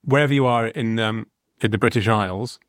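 A man's voice: fairly low pitch, a little fast, no room sound, clean studio sound. A man hosting a podcast in casual chat, rambling and giggling, in a sound-treated booth. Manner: rambling, giggly, self-mocking. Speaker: podcast host.

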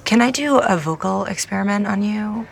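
A woman's voice: medium pitch, normal speed, vocal fry, voice pushed up, close to an everyday voice. A woman playing a confident female vocal coach in a comedy film scene, breezy and persuasive. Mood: coaxing.

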